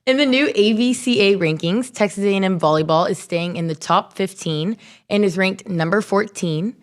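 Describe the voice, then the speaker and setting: A woman reading sports news updates on a talk show in a brisk, upbeat way. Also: medium pitch. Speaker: news and social media update reader.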